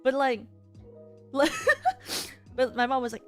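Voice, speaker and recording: A woman's voice: sits high, fairly even intonation, slow, long pauses, faint music behind. A woman streamer chatting casually to her viewers in a rambling way, with many filler words.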